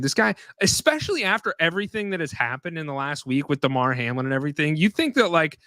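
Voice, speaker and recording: A man co-hosting a casual sports podcast, animated and blunt, swearing and laughing at his own slips. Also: a little high, quick pace, few pauses, dry recording. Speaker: podcast co-host.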